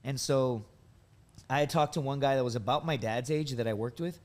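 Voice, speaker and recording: A man in his thirties from the United States spins long, rambling stories, padding them with likes and dudes. His voice sits at a middling pitch and has an easy, conversational flow. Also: moderate pace. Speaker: podcast guest, veteran and comedian. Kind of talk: casual storytelling.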